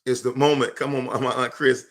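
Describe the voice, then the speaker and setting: A man giving a live motivational talk, emphatic and preachy, repeating his lines for effect and breaking into loud bursts of fervor. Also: medium pitch, level tone, a little fast. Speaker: motivational speaker. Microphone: livestream microphone.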